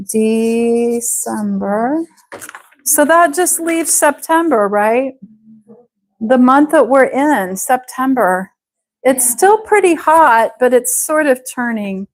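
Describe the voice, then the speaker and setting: The audio is poor, and the woman's voice sits high. She's leading a live English lesson online, patient and unhurried, drawing out each word so students can hear its sound.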